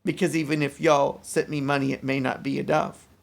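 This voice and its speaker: A mentally exhausted man talking in a casual personal vlog, weary and rambling, with halting restarts. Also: a little high, flat delivery, vocal fry. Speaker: vlogger.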